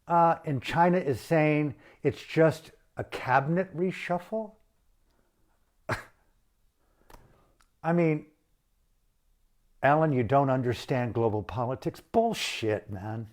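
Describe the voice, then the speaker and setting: Male activist, slightly high voice, furious profane rant to camera. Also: slow pace, pauses often, darkish tone. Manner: blunt, profane, outraged. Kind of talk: impassioned political rant.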